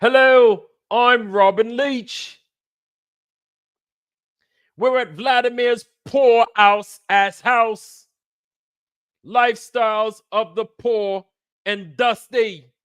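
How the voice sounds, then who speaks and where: A man impersonating a gushing older male celebrity TV host, announcing in a grand, drawn-out showman style. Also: very high voice, steady tone, fairly bright tone, clean tone, pitched above the performer's own voice, exaggerated voice. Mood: grandiose.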